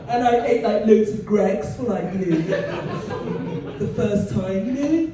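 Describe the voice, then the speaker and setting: A woman's voice: mid-range voice, measured pace, crowd noise. A woman with a Leeds accent performing a chatty stand-up comedy set in a club. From northern England. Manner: animated, chatty, full of fillers. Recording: echoey club from far off with room noise.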